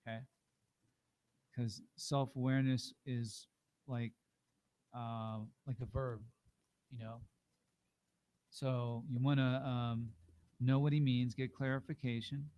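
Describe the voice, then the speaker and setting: A man leads an informal class in a middle-pitched voice. He coaches with patience and encouragement. His talk is unhurried and plain. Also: a little mellow, rough recording. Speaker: teacher.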